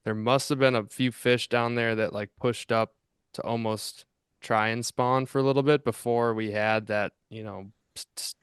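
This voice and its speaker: A man's voice: medium pitch, fairly even intonation, normal speed, clear, resonant tone, dry recording, studio quality. A man co-hosting a casual fishing podcast, telling a long, rambling story with many restarts. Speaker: podcast co-host.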